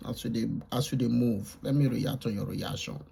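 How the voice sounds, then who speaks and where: A man's voice: mid-range voice, normal speed, gravelly, mellow, breathy edge. A Nigerian man giving casual reaction commentary, lecturing and repetitive, mixing Pidgin with English. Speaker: reaction vlogger.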